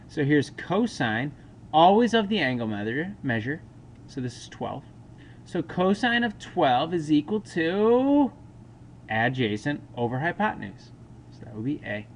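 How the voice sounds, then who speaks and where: A man's voice: medium pitch, creaky, a little hiss or hum. A man teaching a recorded math lesson, talking through each step aloud with casual asides.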